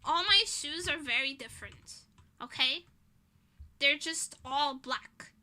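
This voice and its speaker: A woman's voice: sits high, slow pace, bright, forceful tone. A young woman streamer chatting casually, ranting indignantly with swearing and laughter. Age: young adult.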